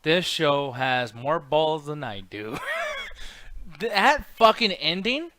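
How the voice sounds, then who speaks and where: A man co-hosting a casual chat show, with a bright, fairly high voice. He talks excitably, swears a lot and acts out lines from scenes. His voice sounds dry and close to the mic. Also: slow pace, no room sound. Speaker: podcast co-host.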